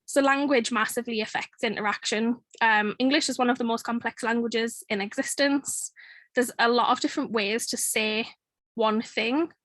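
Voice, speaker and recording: A woman presents her talk over a video call in a conversational way, with filler words. Her voice sits a little high. The sound is dry and close. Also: steady tone, moderate pace, a bit bright, dry recording. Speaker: conference speaker.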